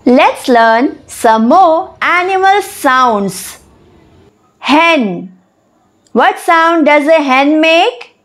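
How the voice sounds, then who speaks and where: A woman narrating a children's lesson, speaking slowly and deliberately and spelling words out letter by letter. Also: sits high, animated, fairly bright tone. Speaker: teacher.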